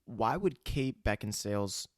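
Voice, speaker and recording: A man co-hosting a podcast, reacting to a movie in quick, incredulous casual chat. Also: lowish voice, animated, no room sound, clean studio sound. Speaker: podcast co-host.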